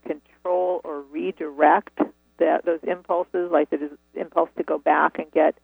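A woman's voice: sits low, little pitch movement, unhurried, vocal fry, breathy edge, no room sound. A woman author telling her story earnestly and reflectively in a phone interview, over a tinny phone line. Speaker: author and guest.

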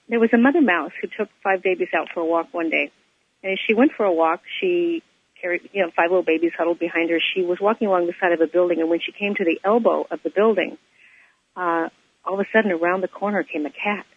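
Husky woman teaching by phone. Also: fairly low pitch, no room sound. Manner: reflective, repeats phrases for emphasis. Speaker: co-host and spiritual teacher. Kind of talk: teaching talk with a story on radio. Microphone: telephone. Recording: tinny phone line, dry.

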